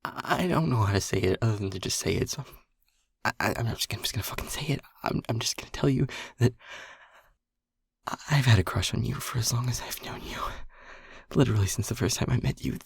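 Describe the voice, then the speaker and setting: A man voicing a shy, anxious male air elemental in an audio role-play, stammering and hushed as he rambles. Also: mid-range voice, expressive, vocal fry, husky, dry recording, clean studio sound, heavily acted. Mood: earnest confession. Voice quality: stammering, halting, repeats words.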